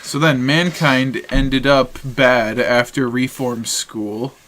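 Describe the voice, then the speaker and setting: A man's voice: mid-range voice, fairly even intonation, slow, a bit bright. A young man from Massachusetts co-hosting a casual podcast, reading from his jokey notes and putting himself down with a laugh. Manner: reads jokey notes, self-deprecating, laughs often. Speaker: podcast co-host. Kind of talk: casual chat.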